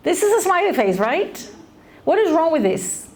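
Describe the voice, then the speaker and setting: A middle-aged woman giving a lively talk to college students, often putting questions to the audience. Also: extremely high pitch, normal speed, a little hiss or hum. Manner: animated, asks the audience questions. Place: lecture room.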